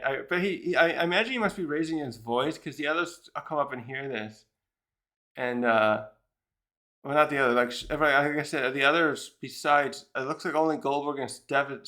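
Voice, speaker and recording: A man's voice: fairly high pitch, sharp tone. A man casually recapping a comic chapter, rambling with many fillers and restarts and briefly acting out the characters' lines. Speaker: manga reviewer.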